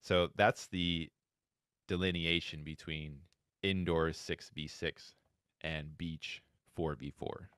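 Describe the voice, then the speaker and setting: A man's voice: slow pace, no room sound, studio quality. A man in his thirties from Florida, a coach telling stories as a podcast guest and acting out quoted dialogue. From Florida, USA. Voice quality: very deep, smooth voice. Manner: animated storytelling, acts out quoted dialogue. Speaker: guest, wheelchair handball head coach. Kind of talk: podcast interview storytelling.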